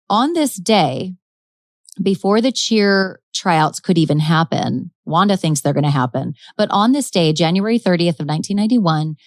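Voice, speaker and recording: A woman's voice: lowish voice, dry recording. A woman hosting a podcast, retelling a true-crime case in a chatty, dramatic way with frequent laughs. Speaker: podcast host. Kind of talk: casual true-crime storytelling.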